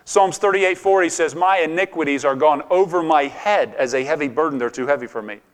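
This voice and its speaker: A man's voice: a little high, brisk. A middle-aged male pastor preaching a sermon in a conversational way, asking the congregation questions and often restarting his sentences.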